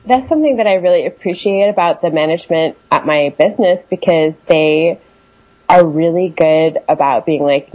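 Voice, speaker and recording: A chatty woman co-hosting a casual comedy podcast, her voice a little low and husky. She talks easily about her work as a server and laughs often between stories. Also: moderate pace, lo-fi sound.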